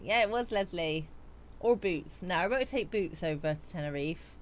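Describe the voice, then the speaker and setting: Lady chatting on a livestream, a bit low-pitched, rambly with ums, faint hum behind. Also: animated, moderate pace. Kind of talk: casual live chat, reading viewer comments.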